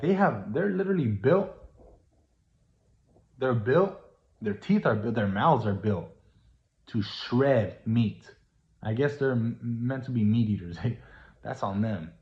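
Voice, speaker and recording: Man vlogger, preachy and earnest, mid-pitched, roomy dull lo-fi recording. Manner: preachy, earnest, repetitive, rising to emphatic. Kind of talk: casual monologue.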